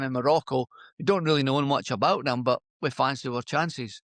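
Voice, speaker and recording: A man in his fifties with a Scottish accent softened by a Lancashire lilt, a guest telling relaxed stories in a casual interview. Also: medium pitch, brisk, few pauses, no echo. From Scotland. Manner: relaxed, anecdotal storytelling. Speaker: podcast guest, former footballer.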